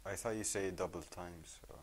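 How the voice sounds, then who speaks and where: Deep-voiced male student, hesitant. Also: steady tone, fairly quick. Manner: hesitant, questioning.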